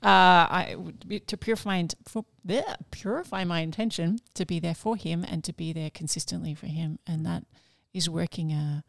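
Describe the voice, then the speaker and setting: A woman speaks about prayer in a relaxed discussion, with a gravelly, rather low voice. She sounds heartfelt and reflective, feeling for her words. The recording is dry and close. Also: moderate pace, few pauses, no room sound. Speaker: religious sister or guest. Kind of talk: casual faith discussion.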